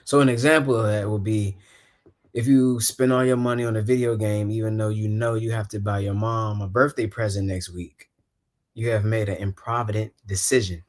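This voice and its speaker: A man's voice: fairly low pitch, fairly even intonation, normal speed. Laid-back rambling man on a podcast. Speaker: podcast host. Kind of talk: casual podcast chat.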